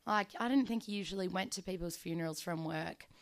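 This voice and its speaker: A woman's voice: on the low side, a little fast. Rambling young woman telling a story. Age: 20s. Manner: rambling, casual, lots of ums and likes. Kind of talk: unscripted personal storytelling.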